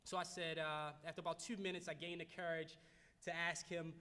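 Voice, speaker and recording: A fairly high-pitched man in his thirties, from Baltimore, delivers a motivational keynote. He speaks earnestly, repeating phrases for emphasis and stumbling into restarts. His voice rings out with a long reverb in a large banquet hall. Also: flat delivery, brisk, bright, forceful tone, smooth. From Baltimore, United States.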